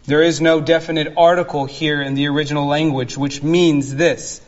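A man preaching an expository sermon as pastor, slow and earnest, dwelling on single words. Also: on the high side, fairly even intonation, lo-fi sound.

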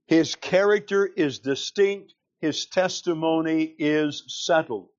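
A man preaching an expository sermon, explaining scripture slowly and with emphasis. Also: fairly high pitch, lo-fi sound. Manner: slow, deliberate, emphatic reading of scripture.

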